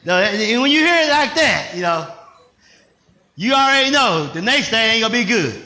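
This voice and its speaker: Older pastor man preaching, high bright voice, asks the crowd stuff, gets shouty, echoey church. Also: sing-song, normal speed. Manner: conversational preaching, rising to shouts. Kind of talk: sermon.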